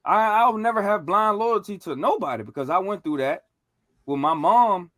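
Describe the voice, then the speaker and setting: A man on a podcast telling stories in a casual, animated way, full of slang and profanity. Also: sits high, normal speed, dry recording, studio quality. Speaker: podcast co-host.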